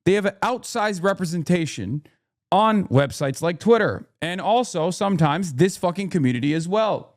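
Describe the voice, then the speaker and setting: A man ranting on his live stream, heated and profane, swinging between loud outbursts and low mutters. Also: expressive, normal speed.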